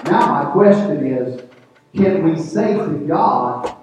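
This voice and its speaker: A man's voice: a little high, animated, slow pace, a little mellow, recorded from a distance. A man preaching a sermon as pastor, calling out to the congregation. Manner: preaching with call-and-response to the congregation. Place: church sanctuary. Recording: echoey hall, picked up from afar, dull sound.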